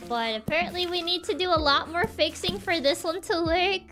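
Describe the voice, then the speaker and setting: A woman's voice: extremely high pitch, brisk, music in the background. A woman streamer giving casual gameplay commentary, giggling often and thinking aloud as she works out a puzzle.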